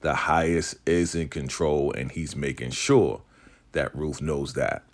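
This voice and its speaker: A man with an extremely low, rumbling voice talks through a TV episode in a relaxed, slangy vlog style. He leans on "like" and casual phrasing and keeps the tone loose and conversational. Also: a little slow. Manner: slangy, loose, says "like" constantly. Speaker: vlog host recapping a TV episode.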